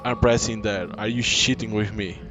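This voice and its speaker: A man's voice: fairly low pitch, fairly even intonation, normal speed, rough recording. A man giving live gameplay commentary, swearing often as he reacts and reading the game's dialogue aloud. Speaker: gaming channel host. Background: game music.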